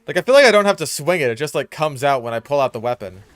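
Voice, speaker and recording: A man's voice: a little high, animated, fast, smooth, no room sound. Chatty young man narrating gameplay. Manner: loose, chatty, reacts loudly in bursts. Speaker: gaming YouTuber. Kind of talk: casual gameplay commentary.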